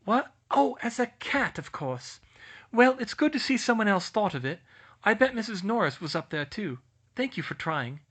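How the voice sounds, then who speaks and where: A man voicing a clever, brisk schoolgirl witch who speaks decisively. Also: high voice, sing-song, fairly bright tone, voice pushed up, exaggerated voice. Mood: curious.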